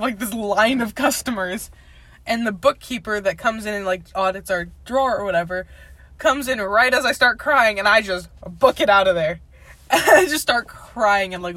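Young woman, casual storyteller, rambles with constant fillers, swears freely, mid pitch. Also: fairly bright tone, dry recording. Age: young adult. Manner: rambling, heavy filler words, laughs often, swears. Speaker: guest telling a personal story. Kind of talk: casual chat.

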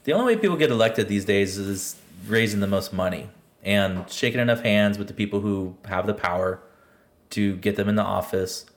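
A man's voice: fairly low pitch, expressive, brisk. A man co-hosting a podcast, talking politics in a rambling, profane way, restarting sentences and laughing at his own jokes. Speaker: podcast co-host. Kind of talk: casual profane political chat.

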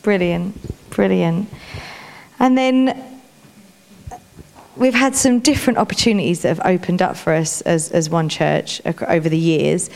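A woman's voice: fairly low pitch, unhurried, gravelly, darkish tone. A woman interviewing a guest on a church stage, affirming and encouraging as she talks.

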